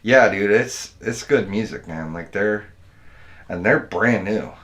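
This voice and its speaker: Hosting his channel in a casual livestream, this American video editor talks with viewers in a relaxed, rambling manner, addressing them as dude and man. He speaks slowly, and his fairly low voice sounds a bit bright.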